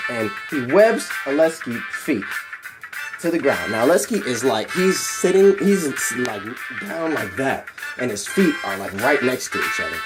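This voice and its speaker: A man hosting his channel, excitedly retelling an action story in long, rambling run-on sentences. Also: medium pitch, measured pace. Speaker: channel host. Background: music.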